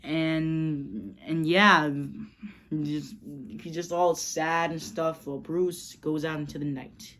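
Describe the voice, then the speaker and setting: Woman, low voice, excitable rambling fan pitch, loose and unscripted. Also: measured pace, slight background noise. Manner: rambling, excited, heavy with fillers. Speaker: channel host. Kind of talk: casual fan pitch of a movie idea.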